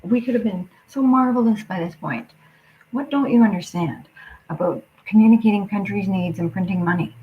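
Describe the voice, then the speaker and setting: A woman's voice: mid-range voice, moderate pace, phone-quality sound. Woman, livestream rant, heavy swearing, drops into whispers, faint hiss behind. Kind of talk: angry profane rant.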